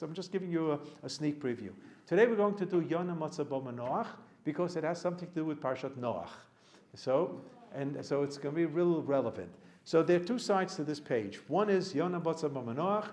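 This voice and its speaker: A man's voice: on the high side, darkish tone. A middle-aged man, a rabbi giving a casual classroom lecture full of digressions and joking asides.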